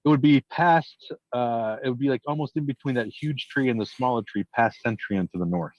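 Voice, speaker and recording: Man, game master, halting narration, dry muffled mic. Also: medium pitch, darkish tone, no room sound. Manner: halting, filler-heavy narration.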